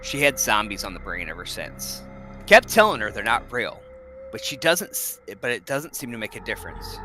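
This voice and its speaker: A man reading a horror story aloud in first person, expressive and lively. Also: fairly low pitch, moderate pace, soft background music.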